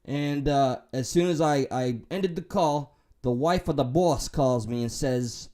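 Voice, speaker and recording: A man's voice: fairly high pitch, a little slow, darkish tone. A man with a New York accent hosting a livestream, reading chat and talking candidly, swearing and joking as he rambles.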